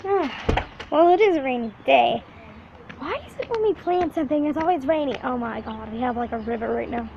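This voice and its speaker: A woman's voice: high-pitched, lively intonation, a little fast, vocal fry. A woman chatting playfully into her phone for a casual vlog, her voice swinging up and down as she talks. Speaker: vlogger. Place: home under remodeling, then outdoors in rain. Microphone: phone held in hand. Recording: muffled noisy phone recording.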